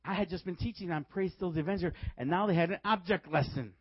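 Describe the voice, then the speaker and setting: A man preaching a sermon, telling stories in a lively way and laughing often as he goes. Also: high-pitched, fast, breathy edge, no room sound, muffled recording. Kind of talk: sermon with storytelling.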